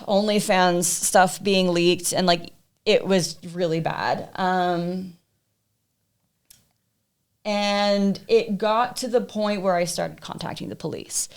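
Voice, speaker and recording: A woman's voice: on the low side, steady tone, slow pace, clean tone. A woman guest on a podcast, talking casually and emphatically, often swearing as she tells her story. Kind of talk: casual chat.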